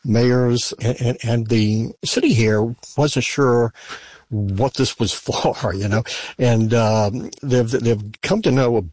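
A man's voice: medium pitch, steady tone, slow pace, darkish tone, no room sound. A man, a newspaper journalist, answering in a radio interview with hesitant speech full of fillers and restarts.

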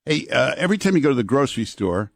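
A man's voice: medium pitch, big pitch swings, quick pace, gravelly, no room sound, studio quality. A middle-aged male guest host on talk radio who chats casually and fills his speech with "uh". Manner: casual, conversational, many fillers. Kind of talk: talk radio chat and ad reads.

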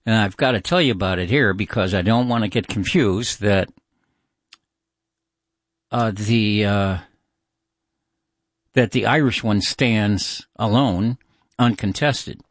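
A man's voice: fairly low pitch, takes it slowly, pauses often, no room sound, studio quality. A man hosting a call-in radio show, chatting in a musing, informal way with many fillers.

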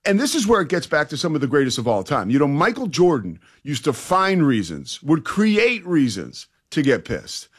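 A man's voice: on the high side, sing-song, moderate pace, few pauses, breathy edge. A man co-hosting a sports talk radio show, emphatic, stretching key words and laughing easily.

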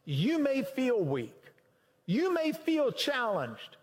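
A man preaching a sermon to a class, swinging between loud emphatic lines and quiet low ones. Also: very animated, slow. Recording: long hall reverb.

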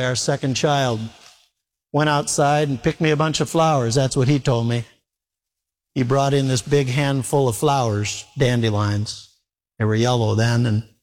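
A man preaching a sermon as pastor, animated, firing off rhetorical questions to his church. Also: medium pitch, long reverb tail.

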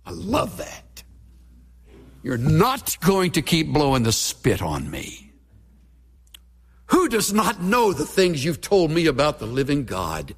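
A man's voice: a little high, big pitch swings, a little slow. Middle-aged preacher guy, jokey folksy sermon, bouncy voice, big echoey church. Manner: folksy, humorous storyteller. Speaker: pastor.

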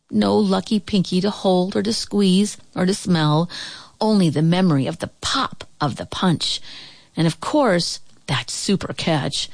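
Expressive woman reading a children's story. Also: medium pitch, no room sound. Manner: expressive, rising and falling with the action.

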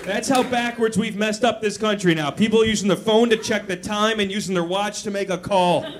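A man's voice: sits high, fairly even intonation, fairly quick, background noise. A man doing a stand-up set, ranting in exasperation and stammering as he restarts. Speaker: stand-up comedian.

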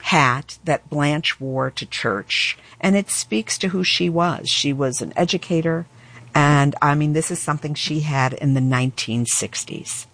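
A woman's voice: sits low, measured pace, a bit bright. A woman who runs a community archive, speaking in an interview with an earnest, heartfelt manner. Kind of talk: interview speech. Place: archive room.

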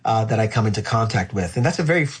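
A middle-aged male pastor talking through faith in an earnest, thoughtful way, slowing down to land his key points. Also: fairly low pitch, expressive, slight background noise. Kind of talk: reflective faith conversation.

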